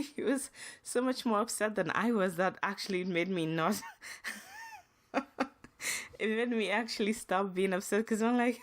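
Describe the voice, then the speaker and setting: A young adult woman hosts a podcast, sharing personal stories in a casual, emotional, earnest way at a moderate pace. Her medium-pitched voice pauses often, and she restarts her sentences frequently.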